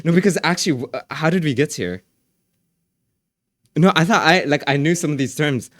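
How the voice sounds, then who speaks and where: A man's voice: a little high, expressive, fairly quick, a bit bright, dry recording, clean studio sound. A young man streaming live, chatting casually in a rambling, slangy way with lots of restarts.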